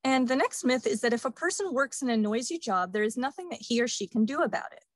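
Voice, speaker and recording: A woman audiologist giving a steady, informative webinar presentation. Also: on the high side, fast, no echo.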